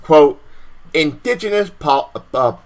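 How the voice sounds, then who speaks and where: A man's voice: on the high side, animated, takes it slowly, creaky, darkish tone, low-quality recording. A young man hosting a stream, ranting in a profane, repetitive way and reading aloud, stumbling over hard words. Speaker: stream host. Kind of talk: heated political rant and reading aloud.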